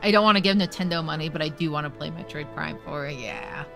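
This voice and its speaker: Woman streamer rambling to chat, lowish voice but bright and forceful, swears a lot. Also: fast, creaky, soft background music. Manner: chatty, swears casually, thinks aloud. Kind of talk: casual live-stream chat with viewers.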